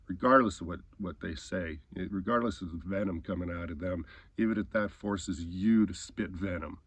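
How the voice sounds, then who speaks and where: A man's voice: low voice, normal speed. A man telling an angry story in a heated, profane rant, often stumbling over his words and restarting. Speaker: host.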